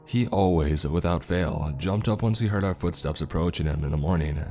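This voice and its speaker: Guy with a really low voice reading a creepy story, somber, soft music under it. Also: moderate pace. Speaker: horror story narrator. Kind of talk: scripted first-person horror narration. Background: faint background music.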